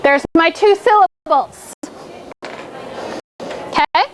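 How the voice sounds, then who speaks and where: A woman's voice: very high voice, slow, a faint crowd, a little hiss or hum, rough recording. A woman teaching a classroom, coaxing pupils through call-and-response prompts. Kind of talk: classroom instruction.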